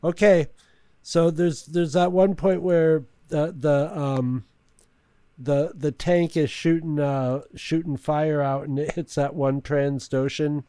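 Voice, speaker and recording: A man chats casually and slowly, stopping to restart his sentences. His voice is a bit high for a man. The recording is dry and close. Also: fairly even intonation, mellow, clear, resonant tone, dry recording. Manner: halting, many fillers and restarts. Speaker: podcast co-host. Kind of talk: casual chat.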